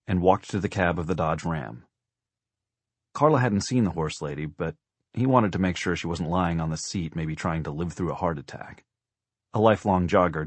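A man narrating an audiobook in a steady, measured storytelling manner. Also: sits low, breathy edge, dry recording.

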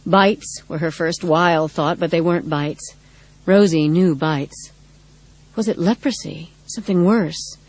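Measured woman reading a dark tale. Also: fairly low pitch, no room sound, low-quality recording. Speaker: audiobook narrator. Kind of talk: scripted narration.

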